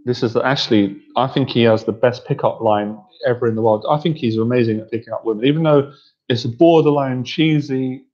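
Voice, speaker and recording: A man coaches a group on dating in a casual, chatty, playful style, laughing often. His mid-range voice is fairly quick and a little mellow, and the recording sounds dull and lo-fi.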